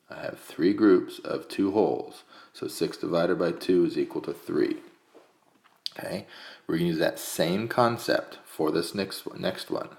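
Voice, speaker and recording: A man teaching a math lesson on a whiteboard screencast, explaining step by step in a calm way and counting aloud. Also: low voice, slow, gravelly, reverberant.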